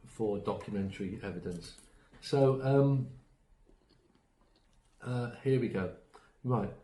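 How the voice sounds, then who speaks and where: A man's voice: lowish voice, mellow, echoey room, poor audio. A man giving an online workshop on autism strategies, telling anecdotes in a chatty way with many ums and restarts. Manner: chatty storytelling, acts out quoted voices, frequent ums and restarts.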